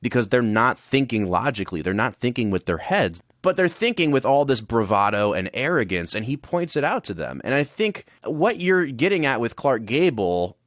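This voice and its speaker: A man's voice: mid-range voice, very animated, normal speed, hardly any pauses, no room sound, clean studio sound. A man co-hosting a podcast, talking through a film in an enthusiastic, analytical way. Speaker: podcast co-host. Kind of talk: casual film discussion.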